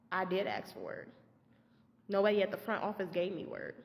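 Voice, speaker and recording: Animated woman telling a story with reverb. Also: mid-range voice, brisk. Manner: animated, expressive, swears casually. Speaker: substitute teacher telling a story. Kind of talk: casual storytime.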